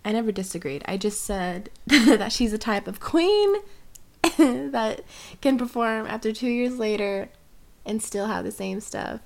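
A young adult woman co-hosting a podcast, chatting casually as an enthusiastic pop fan who pushes back quickly. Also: fairly high pitch, animated, vocal fry. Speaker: podcast co-host. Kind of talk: casual chat.

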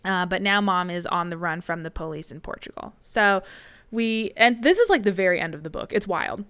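Woman, podcast co-host, chatty recapper, smooth clear voice, dry close sound. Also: on the low side, animated, brisk, fairly bright tone, no echo. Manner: chatty recapping, frequent laughs and fillers. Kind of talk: casual book discussion.

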